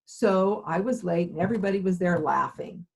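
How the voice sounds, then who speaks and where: Middle-aged woman, low and husky, animated storyteller being interviewed. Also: normal speed, rough recording. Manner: animated storyteller acting out dialogue. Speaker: occupational therapy program director.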